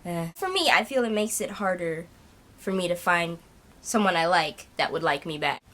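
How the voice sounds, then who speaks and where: A woman's voice: on the low side, expressive, normal speed, fairly bright tone. A young woman ranting casually to camera in a vlog, exasperated and complaining, with many fillers. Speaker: vlogger.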